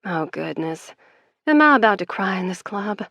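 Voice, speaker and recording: A woman's voice: medium pitch, sing-song, moderate pace, vocal fry, a bit bright, no echo, dull audio. A woman narrating a first-person romance audiobook in a wry, conversational way.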